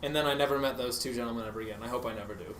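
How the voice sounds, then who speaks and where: A man's voice: mid-range voice, very fast, fairly bright tone. A young man co-hosting a podcast, telling a long story casually, full of fillers, and laughing through his own story. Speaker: podcast co-host. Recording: echoey room with faint hiss.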